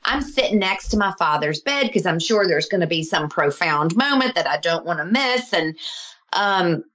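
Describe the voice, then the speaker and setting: A woman's voice: on the low side, normal speed. A middle-aged woman, a healer, earnestly telling a personal story in conversation and acting out the voices of the people in it. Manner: earnest, animated, acts out quoted voices.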